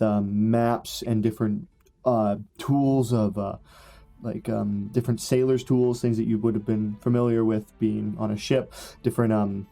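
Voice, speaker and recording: A man's voice: lowish voice, creaky, dark tone. A man narrating a tabletop game as game master, rambling with many fillers.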